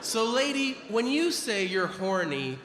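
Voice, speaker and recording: A man's voice: high-pitched, big pitch swings, a little slow, in a large hall, background noise. A man performing a stand-up comedy set, telling a story with profane, incredulous asides and acted-out quotes.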